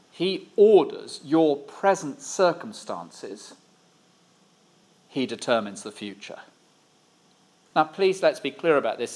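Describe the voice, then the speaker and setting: A man delivering a sermon, his voice sitting slightly high for a man. He mixes wry asides with slow, dramatic pauses. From Cornwall, England. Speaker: preacher.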